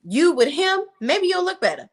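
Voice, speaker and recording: A woman voicing a brash, profane male coworker who mocks and insults, pitched well above her own voice. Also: big pitch swings, moderate pace, heavily acted. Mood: mocking. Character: sassy blunt male coworker, mocking.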